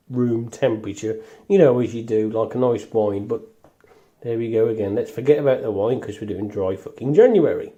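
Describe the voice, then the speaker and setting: A mellow, medium-pitched West Midlands voice belongs to a man from Wolverhampton who hosts home cooking videos. As he shows a recipe in his kitchen he jokes, rambles and swears occasionally, and the recording is echoey with his voice off-mic.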